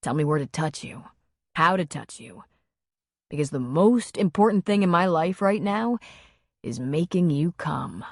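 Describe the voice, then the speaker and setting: A gentle, low-spoken man in love, as a woman narrator puts him on, hushed and tender. Close, dry studio sound. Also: animated, measured pace, no room sound, exaggerated voice.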